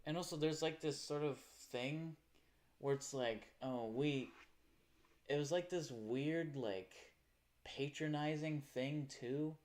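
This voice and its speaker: A man's voice: fairly high pitch, unhurried, darkish tone. A man chatting casually on a livestream in a profane, rambling rant. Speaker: live streamer.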